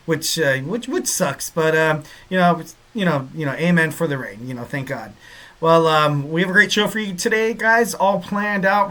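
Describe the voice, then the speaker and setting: A man's voice: a little high, pushed and bright. A man hosting a wrestling podcast from home in Southern California, talking in a rambling, upbeat, jokey way full of "you know" fillers. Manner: upbeat, jokey and self-deprecating. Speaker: podcast host. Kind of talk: casual podcast monologue.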